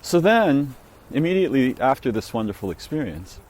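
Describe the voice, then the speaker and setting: A man telling a reflective, meandering story on a walk-and-talk vlog, halting and restarting as he muses. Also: medium pitch, big pitch swings, darkish tone. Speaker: vlogger. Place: outdoors, walking.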